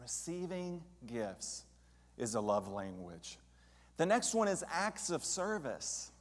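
A man preaching in an easy, conversational way, turning to the congregation with questions as he goes. His voice sits at an ordinary middle pitch. The sound carries a long reverb from a church hall. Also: wildly swooping pitch, measured pace. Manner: conversational, asks the audience questions. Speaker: speaker at a church service. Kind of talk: sermon. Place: church sanctuary.

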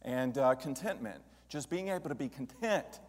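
A man giving a relaxed, conversational sermon at a church, often putting questions to the congregation. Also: mid-range voice, moderate pace, a little hiss or hum. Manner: conversational, asks the audience questions. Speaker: speaker at a church service. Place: church sanctuary. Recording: long hall reverb.

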